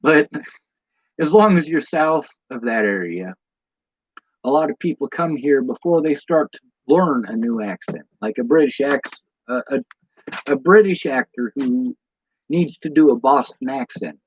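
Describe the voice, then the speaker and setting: A man's voice: medium pitch, expressive, a little slow, husky, no room sound. A tired man with a Midwestern American accent, rambling casually to his livestream chat and drifting off on tangents. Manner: meandering, goes off on tangents, many ums. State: tired from lack of sleep. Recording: dull lo-fi stream audio.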